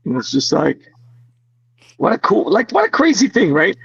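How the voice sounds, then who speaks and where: A man being interviewed as an actor guest, telling stories in an animated way, laughing often and full of fillers. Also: high voice, moderate pace, vocal fry, slightly rough, dry recording, highs cut off. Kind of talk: casual interview storytelling.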